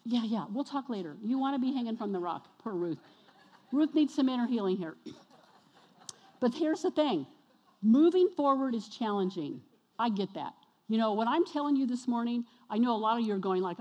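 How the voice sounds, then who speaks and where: A woman preaching a sermon to her congregation, energetic and exhorting, often questioning the listeners. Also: on the high side, normal speed, highs cut off. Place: church sanctuary. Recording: long reverb of a church hall.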